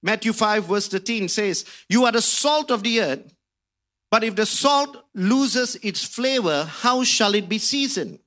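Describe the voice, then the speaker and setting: A man preaching a sermon with fervor, rising to shouts on key phrases and stretching out key words. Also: sits high, animated. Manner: drawn-out emphasis on key words.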